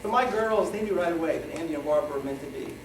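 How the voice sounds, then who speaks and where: A middle-aged man giving a rambling, joking wedding toast, halting often with fillers as he loses his thread. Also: fairly high pitch, expressive, slight background noise. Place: wedding reception hall. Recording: echoey hall from far off, crowd chatter.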